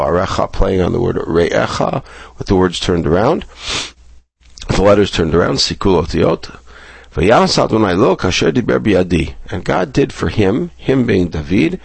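A man with a very low, gravelly voice teaches a text-study lesson. He reads each verse, translates it, and explains it. Bits of husky breath sit in his tone, and the recording sounds close and dry. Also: animated, moderate pace, dry recording. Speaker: Bible teacher.

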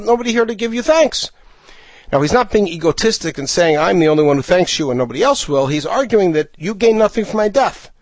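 A man with a fairly high, animated voice teaches a Bible lesson, reciting Hebrew lines and then unpacking them word by word. He slows down to lean on key phrases. The recording is close and dry. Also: dry recording. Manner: reads Hebrew verses then translates and explains them; measured, slowing for emphasis on key phrases. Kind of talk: lecture on a psalm.

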